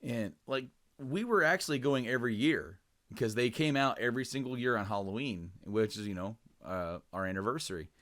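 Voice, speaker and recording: A young man chatting casually on a podcast, his pitch sitting in an ordinary middle range. He rambles through stories with plenty of fillers and restarts, curses freely, and jumps up in pitch whenever he acts out what someone said. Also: animated, a little fast, a bit bright. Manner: acts out quoted lines in a raised voice. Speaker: podcast co-host. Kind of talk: casual chat.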